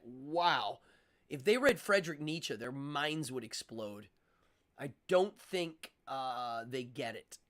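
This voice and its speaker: Male streamer, casual and opinionated, slightly higher voice, rambling delivery. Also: bright, forceful tone. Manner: rambling, opinionated, with frequent fillers and restarts. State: out of breath. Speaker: livestream host. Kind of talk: casual livestream chat.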